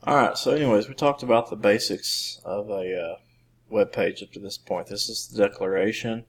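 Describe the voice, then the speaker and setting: A man in his thirties giving a relaxed, rambling coding lesson with many fillers and restarts. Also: lowish voice, moderate pace, husky. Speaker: teacher. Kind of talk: screen-recorded coding lesson.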